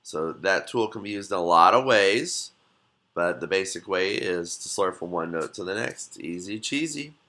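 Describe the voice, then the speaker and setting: A man with a bright, ringing tone walks students through a screen-recorded software tutorial. His voice sits a little low, and he gives relaxed, folksy step-by-step instructions. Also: normal speed. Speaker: music teacher.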